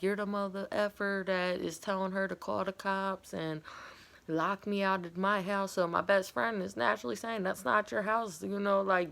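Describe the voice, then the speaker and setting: Gravelly-voiced woman telling a personal story. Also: fairly low pitch, fairly bright tone. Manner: candid, rambling, filler-heavy retelling. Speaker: vlogger.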